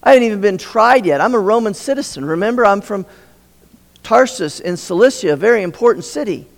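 Guy doing a bold insistent apostle, kinda high, gravelly, big hall echo. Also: animated, a little fast. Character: bold adult male apostle pleading his rights. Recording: long hall reverb.

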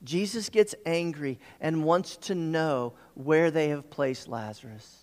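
A man's voice: on the high side, unhurried, hardly any pauses, a little mellow, big-room sound. A man preaching a sermon as pastor, repeating words and restarting as he builds emphasis.

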